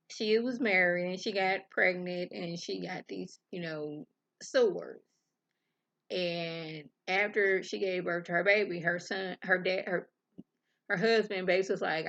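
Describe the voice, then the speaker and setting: A woman's voice: lowish voice, a little slow, pauses often, a bit bright, dull audio. A woman with a Southern US accent casually recapping a TV episode in a chatty, slangy storytelling way. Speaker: TV review vlogger.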